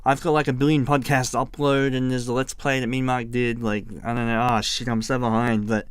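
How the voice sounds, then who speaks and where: A young man chatting on a casual podcast, laid-back and loose with his swearing, laughing often. His voice is smooth and resonant, and the recording is dry and close, with no room sound. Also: mid-range voice, little pitch movement, fairly quick, no room sound. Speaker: podcast co-host. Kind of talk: casual uncensored chat.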